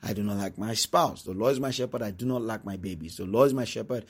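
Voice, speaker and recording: A man preaching a sermon, reading scripture slowly and breaking into quick acted-out asides. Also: fairly low pitch, slightly rough. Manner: reads scripture slowly, then talks fast with many asides.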